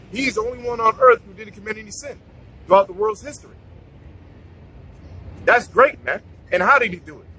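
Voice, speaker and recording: High-voiced man teaching scripture, street noise. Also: sharp tone, rough recording. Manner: preachy, repeats words, many restarts. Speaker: bible teacher. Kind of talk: casual scripture talk.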